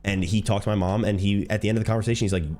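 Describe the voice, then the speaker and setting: A man's voice: fairly low pitch, fairly even intonation, racing, mellow. A man who streams for a living, telling a story in a talkative, rambling way. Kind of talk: casual storytime.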